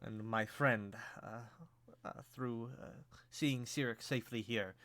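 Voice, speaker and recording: A courteous noble lord, voiced by a man at a tabletop game, formal and gracious, with halting pauses. The voice is bright and a touch raised, in a dry, close space. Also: mid-range voice, no room sound, close to an everyday voice. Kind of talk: tabletop game role-play.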